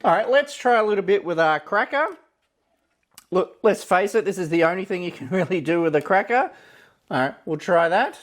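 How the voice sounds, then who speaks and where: An easygoing man talks through a food taste test, his pitch rising and falling a lot as he goes. He speaks casually, thinking aloud between bites, and keeps dropping in small fillers and "yeah, look" as he judges each item. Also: lively intonation, normal speed. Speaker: food reviewer.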